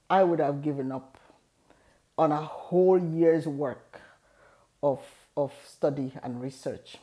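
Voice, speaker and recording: A woman's voice: on the low side, warm tone. A middle-aged woman hosting an advice video, telling a personal story in an earnest, encouraging way. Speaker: host giving advice. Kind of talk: motivational talk.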